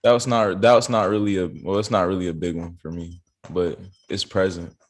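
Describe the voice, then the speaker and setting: Laid-back deep-voiced young man. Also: little pitch movement, brisk. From South Carolina. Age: young adult. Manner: laid-back, slangy, loose storytelling. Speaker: rapper, interview guest. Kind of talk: casual interview chat. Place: interview studio.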